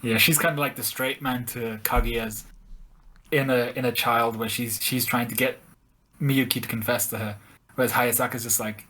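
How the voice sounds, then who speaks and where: Male podcast co-host, mid-pitched, chatty and repetitive. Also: moderate pace. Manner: animated retelling, repeats words, laughs while telling. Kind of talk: casual chat.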